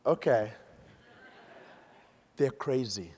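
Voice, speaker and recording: A middle-aged man from Uganda, giving an animated, storytelling keynote speech on a stage mic in a large conference hall and quizzing the audience. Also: medium pitch, very slow, slight background noise. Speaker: keynote speaker. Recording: echoey hall.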